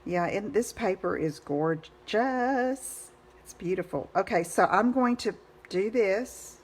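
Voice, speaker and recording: A woman's voice: medium pitch, lively intonation, slow, husky. A woman giving a live card-making demonstration, chatty and encouraging, greeting viewers by name.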